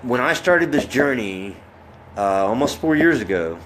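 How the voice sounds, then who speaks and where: A man's voice: mid-range voice, big pitch swings, unhurried, fairly bright tone, a little hiss or hum. A man from Oklahoma giving a personal video update, talking earnestly and a bit preachy, rambling with fillers and restarts. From Oklahoma, United States. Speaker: vlogger.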